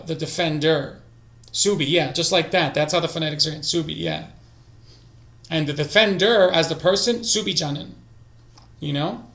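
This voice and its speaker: A man streaming a casual study session, talking to himself and drifting into quiet mutters. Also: fairly high pitch, vocal fry. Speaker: streamer learning languages. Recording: echoey room.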